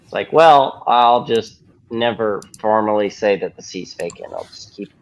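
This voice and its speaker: A man's voice: animated, unhurried, creaky. A young man hosting a podcast, reacting to a video in casual commentary and mocking preachers with exaggerated voices. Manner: mocking, jumps into high mock-preacher voices. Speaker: podcast host. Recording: dull lo-fi audio.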